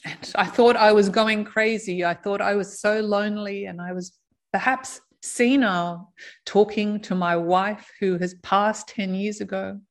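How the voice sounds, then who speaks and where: A woman shares a personal story in a soft, reflective manner, often breaking into light laughter. Her voice sits at an ordinary middle pitch. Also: fairly even intonation, a little slow. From Australia. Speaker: intuitive reader.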